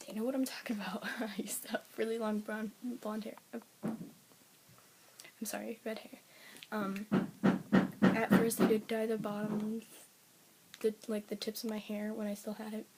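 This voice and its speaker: A woman vlogger talking casually to her viewers, rambling with many fillers and often slipping into a breathy half-whisper. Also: mid-range voice, level tone, a little slow, long pauses. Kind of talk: casual talk to camera. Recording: clear background hiss with clicks.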